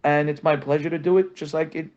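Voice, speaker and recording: A man teaching a marriage lesson as a rabbi, talking conversationally with lots of fillers and animated stories. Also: on the high side, quick pace, muffled recording. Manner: conversational, many "you know" fillers, animated storytelling. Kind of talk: informal lecture with anecdotes.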